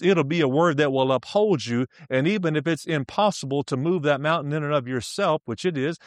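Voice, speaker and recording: A man's voice: a little high, dry recording, studio quality. A male preacher teaching a sermon, emphatic, repeating key phrases and laughing often as he speaks.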